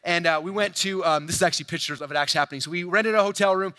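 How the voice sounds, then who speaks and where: A man giving a high-energy sales presentation to a large live audience, addressing the crowd directly in a playful, energetic way. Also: racing, no room sound. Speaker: speaker at a sales event. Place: large event hall, speaking to a crowd.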